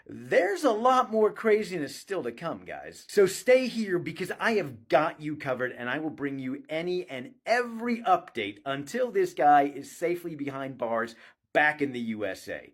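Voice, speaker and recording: A man recapping court news in a wry, sarcastic commentary style. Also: fairly high pitch. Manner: sarcastic, animated storytelling. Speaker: vlogger covering court news. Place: Scotland.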